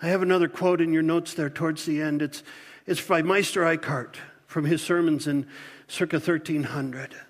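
A pastor preaching a sermon in an animated, conversational way, often restarting his sentences. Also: fairly high pitch, moderate pace, big-room sound.

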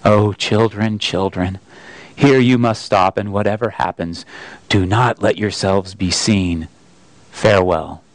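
A man voicing a great male lion who is sad and lonely, speaking slowly, gravely and tenderly in a storybook reading. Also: on the low side, lively intonation, no echo, pitched below the performer's own voice. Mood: solemn.

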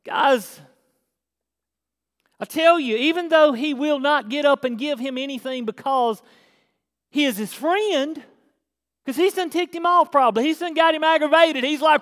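High-pitched slow preacher in a reverberant hall. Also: male voice. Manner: animated, acts out dialogue, rhetorical questions. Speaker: pastor. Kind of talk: sermon. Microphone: filmed on camera.

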